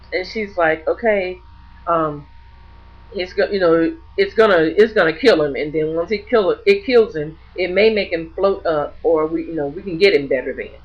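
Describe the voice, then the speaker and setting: A woman's voice: lowish voice, moderate pace, slightly rough, lo-fi sound. A woman vlogger telling a personal story to camera in casual speech, acting out the lines of others with many restarts and repeated words. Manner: animated, acts out the dialogue of others.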